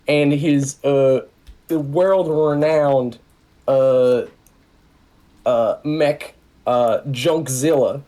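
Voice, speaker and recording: A man playing a tabletop game, chatting casually in a halting, rambling way and swearing freely. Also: medium pitch, mellow, poor audio. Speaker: player.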